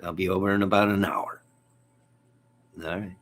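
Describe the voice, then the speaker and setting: A man's voice: deep voice, little pitch movement, normal speed, fairly bright tone. A man hosting a casual live stream from home, rambling about his day, reading out viewer comments and laughing often.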